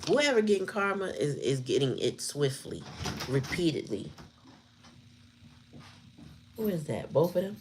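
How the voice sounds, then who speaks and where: Low-voiced blunt woman reading tarot. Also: very animated, a little slow, pauses often, a little mellow, slight background noise. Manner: blunt, profane, laughs often. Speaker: tarot reader.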